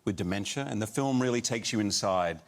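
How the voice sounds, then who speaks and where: Lower-voiced man telling stories. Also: a little fast. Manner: warm storyteller, animated retelling. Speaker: actor guest. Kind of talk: casual chat, anecdote.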